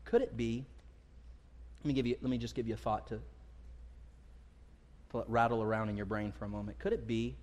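Conversational pastor with hall reverb. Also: male voice, medium pitch, steady tone, brisk, long pauses, a little mellow. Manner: conversational preaching, acts out quotes with rising emphasis. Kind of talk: sermon. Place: church sanctuary.

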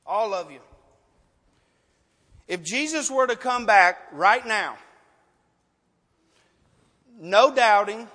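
A male preacher delivering an emotional, sometimes loud sermon full of pleading rhetorical questions and an altar call. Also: sits high, lively intonation, slow pace, long pauses. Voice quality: passionate, emotional, loud at times. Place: church sanctuary. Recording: long reverb of a large hall.

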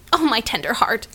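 A woman's voice: fairly high pitch, pushed and bright, breathy edge, full character voice. A woman playing her gushing emotional self. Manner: effusive and melodramatic. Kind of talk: comedy sketch dialogue.

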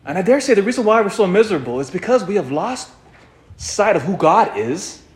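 A man giving a sermon as a priest, animated and full of rhetorical questions, often repeating himself. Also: sits high, a little fast, echoey room. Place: church.

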